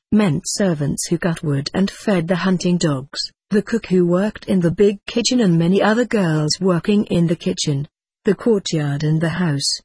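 A woman narrating a first-person memoir in a measured, somber storytelling manner. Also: on the low side, a little mellow, slightly rough, no echo. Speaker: audiobook narrator.

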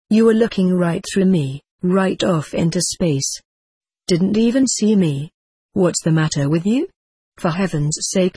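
A woman's voice: on the low side, warm tone, husky, dry recording. A woman reading the lines of an anxious husband in a memoir, asking urgent, pleading questions. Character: worried husband, adult man, anxious.

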